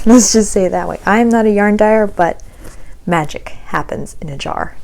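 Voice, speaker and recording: A young adult woman hosting a podcast, chatting casually about her knitting projects and sometimes slipping into a soft whisper. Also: mid-range voice. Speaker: podcast host.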